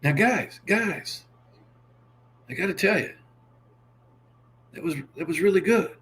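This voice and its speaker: A man doing an impression of a famous actor with halting, oddly stressed delivery. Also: high-pitched, animated, fairly bright tone, a little hiss or hum, voice pushed up, heavily acted. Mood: wry. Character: quirky man with halting, odd emphasis.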